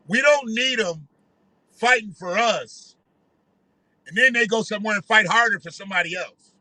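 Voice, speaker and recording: Brief: a high-voiced male commentator, heated and profane, sharp tone. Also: expressive, moderate pace, dry recording, low-quality recording. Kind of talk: ranting commentary.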